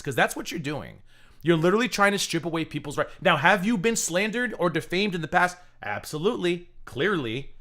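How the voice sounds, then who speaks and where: Animated, bright-voiced ranting man. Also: on the high side. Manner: profane, rapid and sarcastic. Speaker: livestream host. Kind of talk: ranting livestream commentary.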